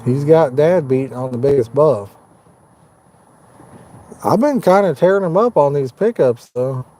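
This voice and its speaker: A man's voice: on the high side, lively intonation, measured pace, warm tone. A man from Indiana, hosting a fishing live stream from inside his truck and chatting casually with viewers by name. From Indiana, United States. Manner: folksy, easygoing, talks to viewers by name. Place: inside a parked truck at night.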